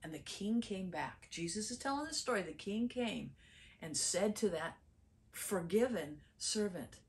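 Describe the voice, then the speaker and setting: A woman preaching a sermon, telling a parable in a lively storytelling way. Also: medium pitch, unhurried. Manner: animated storytelling, acts out characters.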